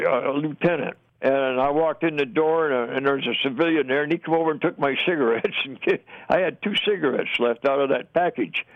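A man's voice: mid-range voice, dry recording. An older man, a war veteran, telling his story in a plain-spoken, folksy way and chuckling as he goes. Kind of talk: oral history storytelling. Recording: dull, dry lo-fi recording.

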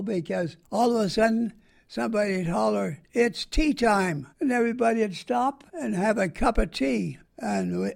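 A man's voice: high voice, gravelly, a little mellow. An older man, a veteran, recalling his wartime years in a folksy, plain-spoken way for an oral history interview. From United States.

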